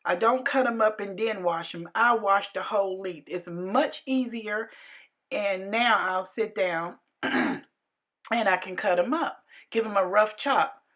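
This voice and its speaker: Older woman, 60s, homey cooking narration, repeats herself, mid-pitched voice. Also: measured pace, fairly bright tone, poor audio. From Carolina, US. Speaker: home cook.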